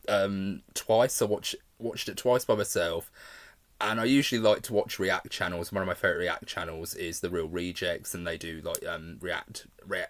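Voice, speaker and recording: A man's voice: low voice, fairly bright tone. Rambling man reviewing a show. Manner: rambling, frequent restarts and hedging fillers. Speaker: video reviewer. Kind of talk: casual spoken review.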